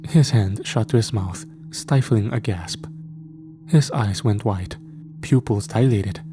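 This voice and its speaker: A man narrating a scripted horror story at a slow, measured pace. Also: on the low side. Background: faint music.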